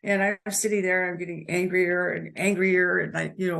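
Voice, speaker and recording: A woman in her seventies, an interview guest telling her life story in a halting way, with restarts and soft laughs. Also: on the low side, flat delivery, vocal fry. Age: 70s. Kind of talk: personal life story told in conversation.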